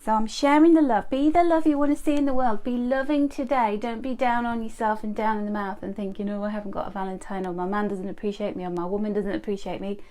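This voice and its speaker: Chatty woman in her fifties. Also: fairly high pitch. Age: 50s. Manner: chatty, greets viewers by name. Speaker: card reader. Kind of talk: live-stream card reading.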